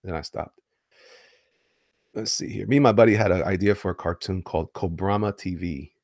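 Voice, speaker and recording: A man's voice: low-pitched, brisk, creaky, darkish tone, no echo, studio quality. A man casually chatting on a live stream and answering chat, rambling and restarting his sentences. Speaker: comic artist streaming and reading chat.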